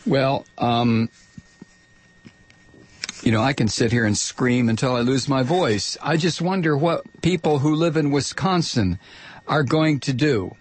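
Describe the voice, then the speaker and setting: A man hosting a political call-in radio show, angrily firing off repeated rhetorical questions and sometimes shouting. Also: mid-range voice, measured pace, husky. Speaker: radio talk show host.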